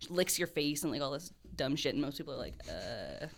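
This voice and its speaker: A woman's voice: deep voice, quick pace. A young woman chatting casually, telling rambling stories full of "like" and frequent laughter. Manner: rambling storyteller, laughs often, lots of "like". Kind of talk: casual chat.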